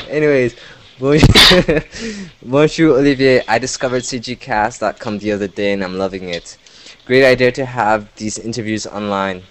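A man's voice: medium pitch, normal speed. A man hosting a casual podcast, reading listener emails aloud in a mumbling, jokey way. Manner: mumbling, jokey, often laughing. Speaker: podcast host. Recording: lo-fi voice over internet call.

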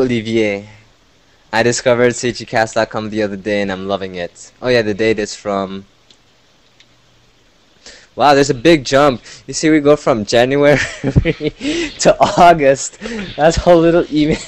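A man's voice: mid-range voice, moderate pace, clear, resonant tone. A man hosting a casual podcast, reading listener emails aloud in a mumbling, jokey way. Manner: mumbling, jokey, often laughing. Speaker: podcast host. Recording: lo-fi voice over internet call.

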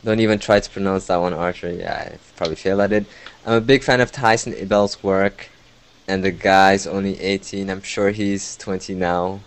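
A man with a fairly low voice hosts a casual podcast, reading out emails from listeners. He mumbles and jokes his way through them. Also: steady tone, normal speed, a little hiss or hum. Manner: mumbling, jokey, often laughing. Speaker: podcast host. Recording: lo-fi voice over internet call.

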